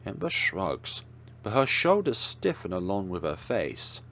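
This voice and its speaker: Low-voiced man dramatically narrating a horror game. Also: measured pace. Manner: expressive, dramatic storytelling with wry asides. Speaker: let's play host. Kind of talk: reading a visual novel aloud with commentary.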